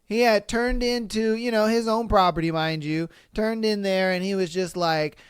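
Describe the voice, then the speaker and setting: A man's voice: high-pitched, moderate pace, smooth, dry recording, clean studio sound. A man hosting a podcast, reading out listener stories and reacting with crude jokes and laughter. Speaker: podcast host.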